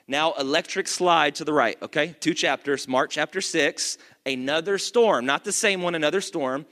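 A male pastor giving an energetic sermon, reading scripture and calling out to the congregation. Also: on the high side, normal speed. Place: church. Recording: long church reverb.

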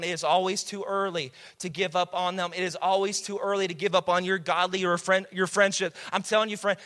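Pastor preaching loud, high bright voice, hollers at the crowd. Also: male voice. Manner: preacher calling out to congregation, builds to shouts. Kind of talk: sermon.

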